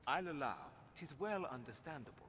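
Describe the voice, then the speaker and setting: A man's voice: on the high side, animated, fairly quick, fairly bright tone, slight background noise. An actor playing a grave male knight with a French accent, speaking in stern, formal archaic words.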